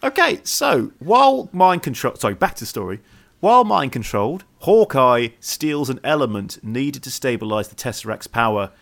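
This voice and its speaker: A man co-hosting a podcast in casual chat, tossing in jokes and quick asides. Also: mid-range voice, very animated, vocal fry, a bit bright. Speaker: podcast co-host.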